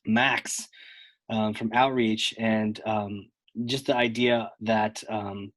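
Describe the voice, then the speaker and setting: A man hosting a podcast, chatting casually and telling lively stories with plenty of fillers. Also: on the low side, slow, no room sound. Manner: animated storyteller, lots of fillers. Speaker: podcast host. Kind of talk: casual conversation.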